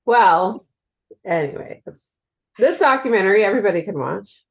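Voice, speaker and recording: A woman's voice: mid-range voice, expressive, normal speed. A woman co-hosting a podcast in casual chat, talking freely and laughing easily. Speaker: podcast co-host.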